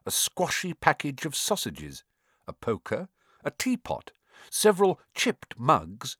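A man narrating a storybook in an expressive, animated storytelling manner. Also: medium pitch, no echo, studio quality. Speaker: audiobook narrator.

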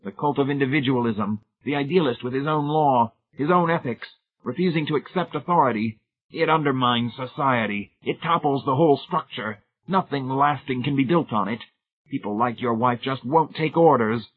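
A man voicing a booming, authoritative godlike giant who is a blunt party zealot. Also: moderate pace, husky, natural voice. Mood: lecturing. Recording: tinny phone-like sound.

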